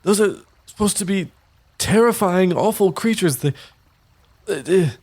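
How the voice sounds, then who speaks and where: A man's voice: high voice, animated, unhurried, a little mellow, pitched above the performer's own voice. A man voicing a rattled, astonished father who is proud of his grown children. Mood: amazed. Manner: gushing and stammering.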